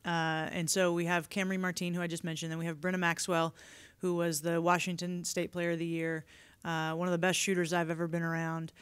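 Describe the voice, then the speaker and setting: Candid woman coach, smooth dry voice. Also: lowish voice, fairly quick, no echo. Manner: relaxed, candid, many fillers. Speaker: head coach. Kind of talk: press conference answers. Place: media day podium.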